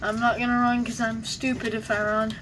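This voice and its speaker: A woman's voice: a little high, flat delivery, a little fast. Rambling young woman gaming over noise. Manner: rambling and silly, talking to herself. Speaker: gamer. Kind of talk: casual gameplay commentary.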